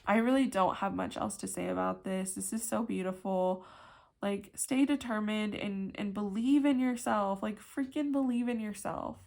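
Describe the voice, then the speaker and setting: A woman's voice: medium pitch, normal speed, creaky, few pauses, darkish tone. A young woman giving a casual pick-a-card tarot reading, chatty and emphatic, full of "like" and casual swearing.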